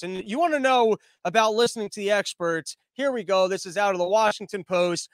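Sarcastic high-voiced male commentator. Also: animated, fairly bright tone, no echo. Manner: sarcastic, mocking, fast-talking. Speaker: political commentator. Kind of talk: casual political commentary.

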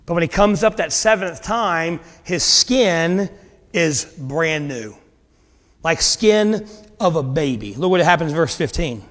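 A male preacher giving a sermon, retelling a scripture story in a casual, animated way with dramatic pauses. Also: on the high side, in a large hall.

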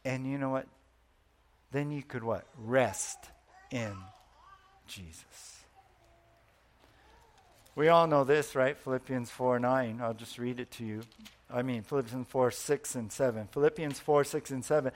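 A man's voice: mid-range voice, a little slow, pauses often. A man preaching a sermon in an earnest way, stretching out key words and often repeating himself.

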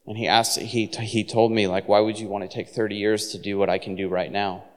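A man preaching a sermon in a relaxed, conversational way, full of fillers and restarts. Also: fairly low pitch, fairly quick, in a large hall. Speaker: pastor.

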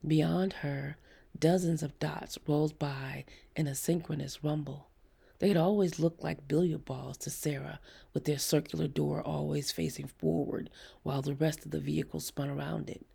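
A woman reading a short story aloud as an audiobook narrator, in a husky, gravelly, half-whispered, hushed voice. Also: sits low, steady tone, moderate pace. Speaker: audiobook reader.

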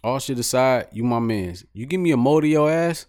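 A man co-hosting a podcast, talking in loose casual banter that climbs to near-shouting when he gets worked up, laughing a lot. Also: mid-range voice, a little fast, a little hiss or hum. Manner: animated, rising to near-shouts when riled, laughs often. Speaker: podcast co-host.

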